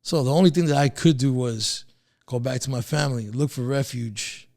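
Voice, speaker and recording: A man with a gravelly, creaky voice sits as a podcast guest and tells his own story in a laid-back way. He swears freely, chuckles now and then and often restarts his sentences. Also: mid-range voice, moderate pace, a little mellow. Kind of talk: casual storytelling about his life.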